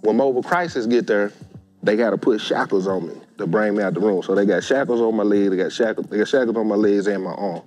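A man's voice: on the low side, fast talker, faint music behind. Man telling a story. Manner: animated, acts out quoted voices. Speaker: guest storyteller. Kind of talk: casual storytelling.

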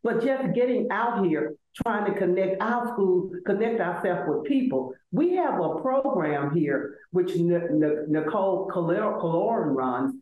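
A woman's voice: lowish voice, measured pace, few pauses, phone-quality sound. Emphatic older Southern woman, echoey room. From Selma, Alabama. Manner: emphatic, animated, repeats words as she builds. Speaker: law school administrator, guest. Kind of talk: conversational interview.

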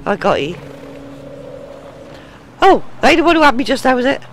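Excitable British woman, swooping high voice. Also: moderate pace. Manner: excitable, swearing, shrieking. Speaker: gamer. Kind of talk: let's play commentary. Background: game music.

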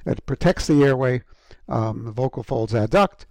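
Gravelly-voiced man lecturing, halting. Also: medium pitch, darkish tone, no echo. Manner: halting, many ums and restarts, clears throat often. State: throat irritated. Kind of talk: recorded university lecture. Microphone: close microphone.

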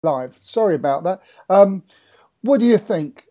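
A man hosting a casual chat, relaxed and giving short backchannels. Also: high-pitched, unhurried. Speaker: host.

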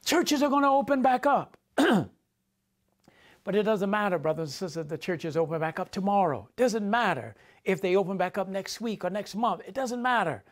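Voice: medium pitch, expressive, normal speed. A preacher giving a sermon, repeating key phrases for emphasis and speaking directly to the congregation.

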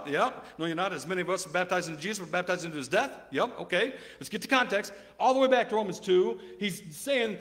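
A preacher man stands at a debate and presses his case with fervent insistence. His voice sits high for a man, and he hammers key words again and again. He reads scripture aloud in old-fashioned wording between his arguments. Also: a bit bright. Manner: reads Bible verses aloud in King James wording. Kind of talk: debate rebuttal with scripture reading.

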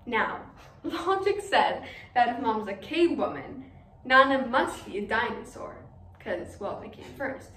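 A woman's voice: a little high, very animated, a little slow, fairly bright tone. A teenage student actress performing a stage monologue as a chatty girl amused by her family, giggling as she tells it. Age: teens. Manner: giggly, gossipy storytelling. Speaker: student actor. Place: school stage. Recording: echoey hall from far off, faint ambient noise.

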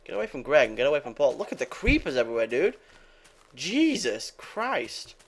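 A man's voice: medium pitch, sing-song, fairly quick, breathy edge. Young man rambling over gameplay. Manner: rambling, swears casually, talks to viewers. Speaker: gaming video creator. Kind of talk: casual gameplay commentary.

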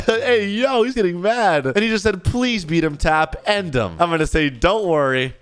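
Animated young man gaming YouTuber. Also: a little high, moderate pace, hardly any pauses. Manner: animated, reads chat messages aloud, hypes up. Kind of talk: excited gameplay commentary.

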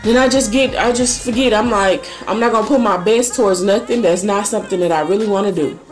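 Young woman, vlogger, casual storytelling, animated, acts out her thoughts, mid-range voice, faint music behind. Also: medium pitch, fast talker. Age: young adult. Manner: animated, dramatizes her own thoughts with voice shifts.

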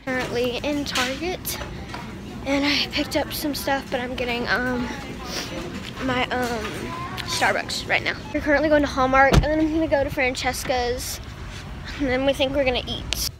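A woman's voice: high-pitched, moderate pace, very noisy. A young woman, vlogging casually through her day, chatty and scattered, tired and hiccuping. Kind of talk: casual vlog chat to camera.

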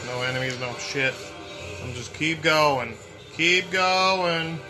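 A man hosting a let's play, giving excitable, profane gameplay commentary that turns to yelling when he panics. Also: medium pitch, unhurried, over music.

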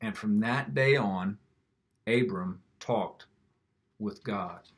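A man gently reading a picture book aloud to children, with an expressive storytelling manner. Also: on the low side, slow pace.

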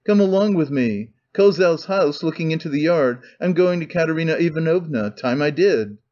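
A despairing drunken clerk in middle age, as a male narrator puts him on, pouring out fervent, pleading confession in a slightly high voice. The audiobook recording sounds dull and lo-fi. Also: animated, normal speed, a little mellow. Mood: agitated muttering.

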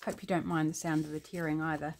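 A woman's voice: deep voice, level tone, fast talker, heavy background noise. A middle-aged woman with a New Zealand accent talks through a collage craft project in a rambling, chatty way, thinking aloud with frequent ums. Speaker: craft vlogger. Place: home craft desk.

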